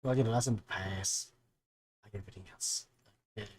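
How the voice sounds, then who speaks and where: A man's voice: on the low side, brisk, a little mellow, husky. Young male streamer, casual and rambling reaction talk. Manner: rambling, with many fillers.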